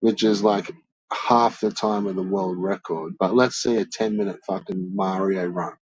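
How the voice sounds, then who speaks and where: A man's voice: low-pitched, fairly even intonation, normal speed, slightly rough, poor audio. A man streaming and ranting to his chat in a blunt, profane, swear-filled way. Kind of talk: casual rant to chat.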